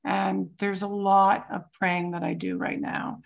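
A woman in her forties shares her recovery story in a program meeting. She talks in a reflective, searching way, at a middling pitch, and often stops to gather her thoughts with soft fillers. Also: flat delivery, measured pace, creaky. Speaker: twelve-step program member sharing her story. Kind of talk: personal recovery testimony.

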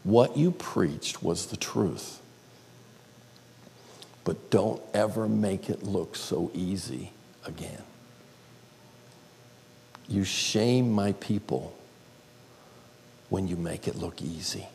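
A man voicing the gentle inner voice of God, slow and hushed, with a low, gravelly tone in a reverberant hall. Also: slight background noise, heavily acted.

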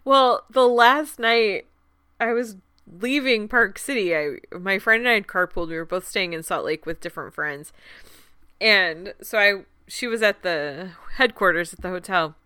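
A woman chatting casually, telling a lively story and laughing often as she quotes people. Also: medium pitch, moderate pace, clean tone, no echo, clean studio sound. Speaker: film festival guest. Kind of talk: casual chat.

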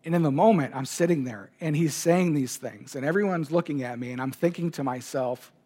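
A man's voice: a little high, fairly quick, mellow, slightly rough. A man preaching a sermon as pastor, telling a personal story with emotion. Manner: personal, emotional anecdote told to a congregation.

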